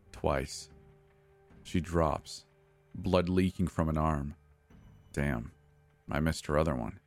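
A man reading a first-person horror story in a grim, measured way. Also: rumbling low. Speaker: narrator. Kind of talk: scripted horror narration.

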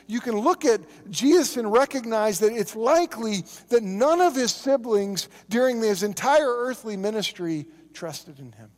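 A man's voice: very high-pitched, lively intonation, normal speed, few pauses. A pastor from Oklahoma preaching a sermon in a church, earnest, often repeating words as he restarts. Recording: long hall reverb.

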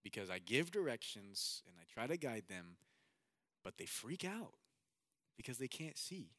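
A man voicing a calm, steady male guide giving instructions over a headset. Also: medium pitch, a little slow, dry recording, studio quality. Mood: firm.

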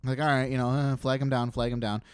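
A man's voice: mid-range voice, quick pace, smooth, no echo. A man casually telling a story on a podcast, acting out the voices of the people in it. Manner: animated storyteller who acts out quotes.

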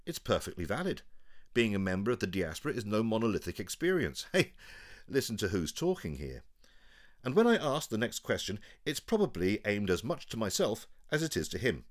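Wry low-voiced male podcast host. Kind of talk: scripted introduction and interview questions.

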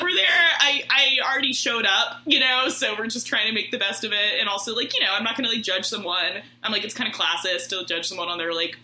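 A woman in her thirties tells a story in relaxed chat, her voice bright and a bit high, leaning on "like" as she goes. The room around her rings with echo. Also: fast, hardly any pauses. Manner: chatty, lots of "like", laughs through her story.

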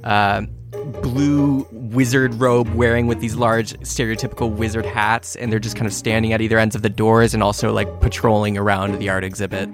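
A man running a tabletop game as game master, describing scenes in a halting way with many fillers. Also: on the low side, little pitch movement, over music.

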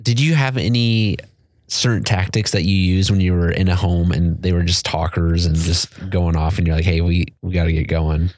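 Deep-voiced male interview host. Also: normal speed, dry recording. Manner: relaxed, asks open questions, short acknowledgements. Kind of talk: casual interview.

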